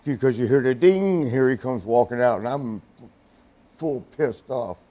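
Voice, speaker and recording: A man's voice: medium pitch, unhurried, mellow. A middle-aged man, a former wrestler, telling profane, rambling stories in a studio interview, laughing often and acting out the voices of the people he quotes. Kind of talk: casual storytelling interview.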